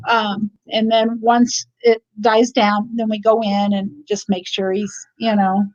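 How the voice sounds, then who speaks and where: A woman's voice: medium pitch, little pitch movement, unhurried. A woman speaking as a parent guest in casual chat, rambling with many "you know" fillers and restarts. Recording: muffled lo-fi audio.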